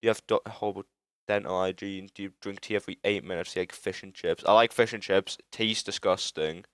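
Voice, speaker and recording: Young British guy streamer, low and smooth, dry close mic, rambly and sweary. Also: fairly even intonation, a bit bright, no echo. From Britain. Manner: rambling, self-interrupting, swearing, quick to frustration. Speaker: livestreamer. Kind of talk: casual live-stream chat while game building.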